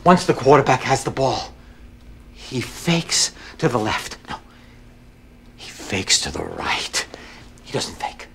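Actor as a flustered, whispering football coach. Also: male voice, mid-range voice, unhurried, noisy background, natural voice. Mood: panicky. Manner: flustered, rambling, drops to breathy whispers. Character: nervous rattled middle-aged male football coach.

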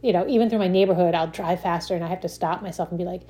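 Speaking fast with few pauses, a woman with a fairly low, dark voice gives a casual talk on stress and habits. Her self-help explanations are full of examples and "right?" check-ins, and she often restarts sentences mid-thought.

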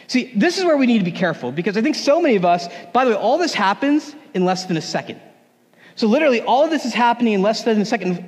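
A man preaching a sermon in a relaxed, conversational way, with humor. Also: high-pitched. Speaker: pastor. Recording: long hall reverb.

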